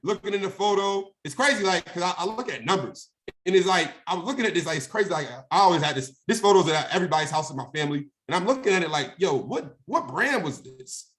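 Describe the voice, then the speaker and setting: Man telling a personal story, slightly high voice. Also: animated, fast, a bit bright. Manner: casual, repeats "right?" and "crazy", acts out phone calls. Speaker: guest speaker.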